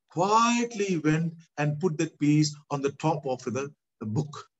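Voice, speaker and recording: A man preaching a sermon, telling a story with animated delivery that swells at dramatic moments and addressing listeners as beloved. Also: a little high, measured pace, few pauses, highs cut off.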